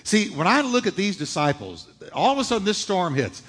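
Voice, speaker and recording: A man's voice: high voice, sing-song, brisk, fairly bright tone, slightly rough. A man preaching a sermon, emphatic, asking rhetorical questions and answering them himself. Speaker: pastor. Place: church sanctuary. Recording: reverberant hall.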